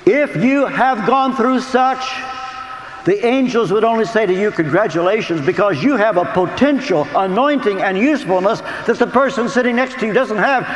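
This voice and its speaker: A man preaching a sermon, earnest and storytelling, with dramatic pauses. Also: very high-pitched, fairly bright tone, roomy sound, long reverb tail, a little hiss or hum, poor audio. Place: big top tent.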